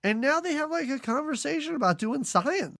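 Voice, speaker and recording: A man's voice: very high-pitched, expressive, a little fast, gravelly, a bit bright, dry recording, clean studio sound. A man co-hosting a casual movie podcast, recapping scenes with sarcasm and frequent laughs. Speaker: podcast co-host.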